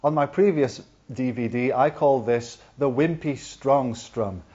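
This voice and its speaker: In an unhurried, medium-pitched voice, a man gives a patient, step-by-step ukulele lesson, counting beats aloud as he demonstrates. Ukulele playing sounds in the background of this slightly dull lo-fi video.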